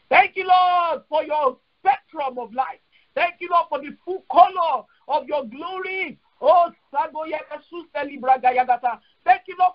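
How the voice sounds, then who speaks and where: A Nigerian woman pastor leading a prayer call, preaching with fervent, repetitive declarations and praying in tongues. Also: sits high. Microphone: phone dial-in. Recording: dull lo-fi phone call audio.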